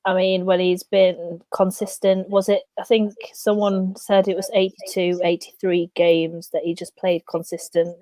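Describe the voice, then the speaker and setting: A woman's voice: on the low side, level tone, unhurried, few pauses, warm tone, dry recording. A woman co-hosting a casual football chat show, talking in an enthusiastic, rambling way. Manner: enthusiastic, rambling, says "do you know what I mean". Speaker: podcast co-host.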